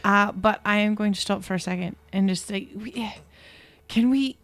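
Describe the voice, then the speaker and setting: A woman playing in a tabletop game, chatting expressively and excitably. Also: mid-range voice, fairly quick, no echo, soft background music. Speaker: player. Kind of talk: casual tabletop play.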